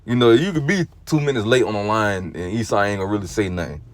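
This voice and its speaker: Speaking quickly on a dry recording, this lay religious teacher delivers a loose, casual exhortation. His talk swings from quiet, subdued passages to loud, animated outbursts, and it is stuffed with "you know" and "or whatnot."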